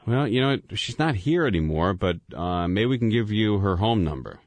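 A man's voice: lowish voice, expressive, darkish tone, no echo. A man hosting a call-in radio show, joking and teasing with callers. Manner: joking, teasing, quick banter. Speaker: radio talk show host.

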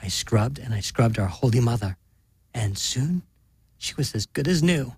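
A man reading an audiobook, voicing a gentle, earnest middle-aged priest who speaks softly and rambles. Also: medium pitch, animated, normal speed, breathy edge, no room sound, poor audio. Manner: soft-spoken, soothing, rambling.

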